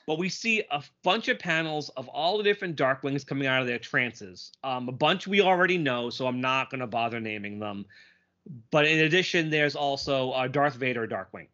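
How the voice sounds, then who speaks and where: A man co-hosting a podcast in a casual chat, animated, quipping and reading lines aloud. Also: medium pitch, moderate pace, lo-fi sound. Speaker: podcast co-host.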